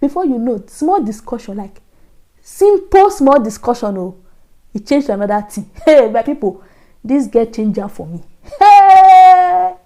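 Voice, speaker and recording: Animated Nigerian woman telling a story. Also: a little high, normal speed. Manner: animated, acts out quoted voices, frequent laughs. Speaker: vlogger. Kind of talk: casual storytelling.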